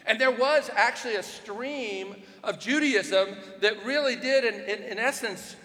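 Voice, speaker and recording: A man preaching a sermon, lively and rhetorical, asking questions and pushing his voice up into shouts to drive points home. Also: extremely high pitch, measured pace, in a large hall. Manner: animated, rhetorical questions, rising to shouts for emphasis. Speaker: pastor.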